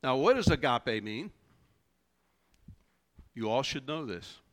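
A man's voice: medium pitch, sing-song, slow. A male pastor giving a sermon in a church, speaking conversationally and animatedly with many rhetorical questions.

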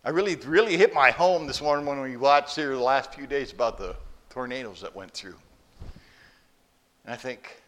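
A male pastor delivering a sermon in a church. He tells stories and keeps turning questions back to the congregation, at a middling pitch for a man. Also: fairly bright tone. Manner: storytelling preacher, asks the congregation questions.

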